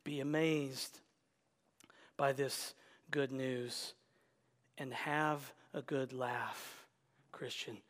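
Slow, emphatic male preacher in a reverberant hall. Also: medium pitch, steady tone. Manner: emphatic, swings from loud exclamations to hushed whispers. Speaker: pastor. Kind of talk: Easter sermon. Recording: long reverb of a large hall.

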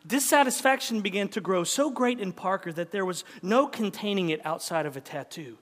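High-voiced preacher with dramatic delivery. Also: male voice, animated, fairly quick, few pauses. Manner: dramatic storytelling, swings from loud to hushed. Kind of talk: sermon with story reading. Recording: long hall reverb.

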